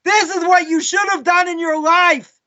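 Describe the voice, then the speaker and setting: Man doing a heavenly court voice, solemn judgment, raised pitch, muffled recording. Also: steady tone, moderate pace, sharp tone. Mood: solemn verdict. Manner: pronouncing judgment.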